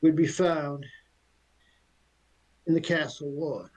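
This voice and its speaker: A man's voice: on the high side, steady tone, darkish tone, low-quality recording. A man doing a haughty, knowing horse. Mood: lofty. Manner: lofty, measured, knowing. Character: haughty, well-informed male cart horse.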